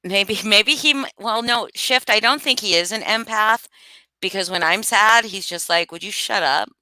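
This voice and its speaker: A woman's voice: mid-range voice, normal speed, pushed and bright, dry recording. A woman hosting a casual live stream, reading chat aloud and chatting loosely with some swearing. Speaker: streamer host.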